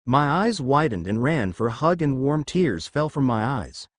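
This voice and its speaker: Expressive man reading fan fiction. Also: medium pitch, moderate pace, dry recording, studio quality. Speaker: narrator.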